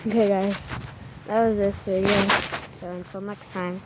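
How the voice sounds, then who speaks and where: A woman's voice: medium pitch, flat delivery, normal speed. A woman chatting casually to her phone camera while riding a dirt bike outdoors, rambling and talking to herself. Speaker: vlogger. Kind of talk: casual vlog narration. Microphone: phone held in hand. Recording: loud engine and road noise. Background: motor engine noise.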